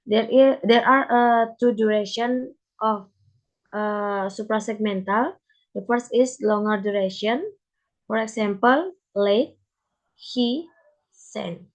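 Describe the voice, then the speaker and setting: A woman's voice: medium pitch, a little slow, poor audio. A young woman giving a class presentation, reading carefully from slides and often repeating words. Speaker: student presenter.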